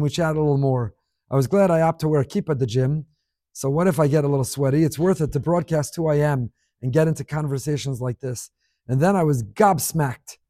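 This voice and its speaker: Animated man teaching a Torah class. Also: fairly high pitch, dry recording, clean studio sound. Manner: animated, emphatic, mixes Hebrew terms. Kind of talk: Torah class reading listener emails.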